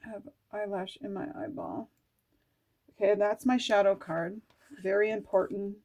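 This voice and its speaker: A woman's voice: mid-range voice, fairly even intonation, normal speed, darkish tone. A middle-aged woman chatting through an oracle card reading, talking to herself and reading card texts aloud with casual swearing.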